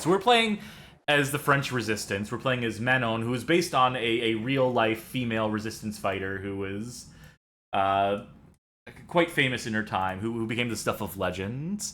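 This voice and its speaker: A man's voice: medium pitch, expressive, moderate pace, a bit bright, a little hiss or hum. A young man hosting a let's-play show, rambling enthusiastically and poking fun at himself. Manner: rambling, enthusiastic, self-deprecating. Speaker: game show co-host.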